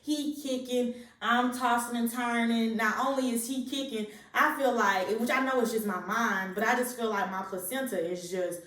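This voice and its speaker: A woman's voice: a little high, steady tone, normal speed, hardly any pauses, a bit bright. Breathless chatty young woman, echoey room. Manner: chatty, rambling, with many fillers. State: short of breath. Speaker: vlogger sharing a pregnancy update. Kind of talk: casual chat to camera. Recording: echoey room, distant mic.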